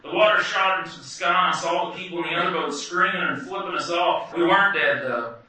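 A man's voice: a little high, fast, far from the mic, a crowd in the background. Wry man telling a story in an echoey hall. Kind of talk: first-person story performed live.

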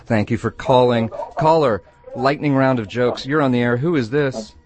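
A man hosts a late-night call-in radio show, playfully joking with callers and laughing often. He's animated, speaking at a medium pitch and moderate pace.

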